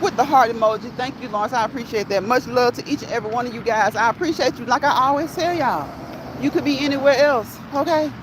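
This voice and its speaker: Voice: medium pitch, fast talker. A live-stream host chatting casually while walking outdoors, slangy and laughing often. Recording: outdoor traffic noise.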